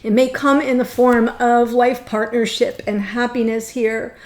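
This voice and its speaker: A woman giving a gushing, excitable tarot reading, choked up and near tears. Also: on the high side, a little slow. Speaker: tarot reader.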